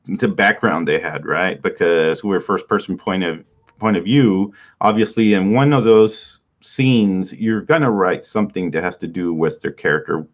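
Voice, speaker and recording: A man hosting a writing podcast, explaining in a relaxed, rambling teaching talk with frequent small laughs and a stuffy nose. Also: low voice. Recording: dull lo-fi sound.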